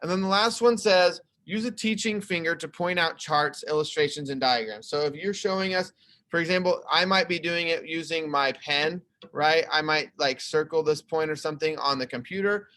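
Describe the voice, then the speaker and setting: Bright-voiced male teacher on a video call. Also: a little high, moderate pace. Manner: explaining, conversational, talks through slides. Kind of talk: online class lesson. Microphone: computer webcam mic.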